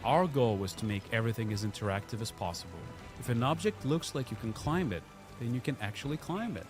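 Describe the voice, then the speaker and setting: A man explaining a game in a scripted trailer narration, in a steady, explanatory manner. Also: mid-range voice, fast. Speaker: game developer presenting a trailer. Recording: voice over clear music.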